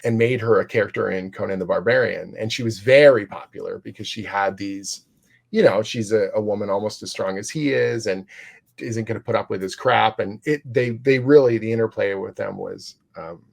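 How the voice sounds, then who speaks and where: A man's voice: fairly low pitch, moderate pace, gravelly. A man who writes comics, talking as an interview guest in a rambling, enthusiastic way, full of fillers and restarts. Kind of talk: casual interview storytelling.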